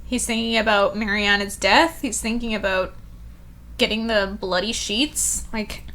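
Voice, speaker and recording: A woman's voice: medium pitch, fairly even intonation, a little slow, bright, forceful tone, slight background noise. A woman co-hosting a podcast in casual book chat, reacting emphatically and swearing freely. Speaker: podcast co-host.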